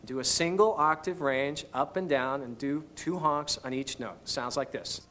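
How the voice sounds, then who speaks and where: A man's voice: medium pitch, normal speed, fairly bright tone, faint music behind. A man teaching singing on an instructional video, patiently coaching each step. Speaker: vocal instructor.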